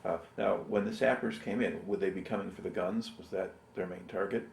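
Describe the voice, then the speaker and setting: Low, gravelly man as a patient history interviewer; roomy sound. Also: fairly quick, a little hiss or hum. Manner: patient, steady questioning with short affirmations. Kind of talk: interview questions.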